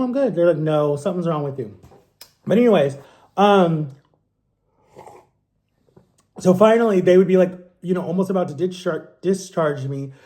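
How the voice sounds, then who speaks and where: Man, 30s, high mellow voice, casual animated storyteller for a vlog. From Ohio, USA. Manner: animated, acts out quotes in a higher voice. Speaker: vlogger.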